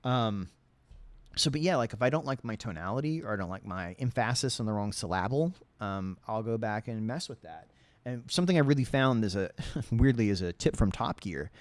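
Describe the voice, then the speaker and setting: A man's voice: fairly quick, no room sound. A man with a lisp answering viewer questions in a casual livestream chat, rambling and self-deprecating. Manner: animated, swings between low and high tones.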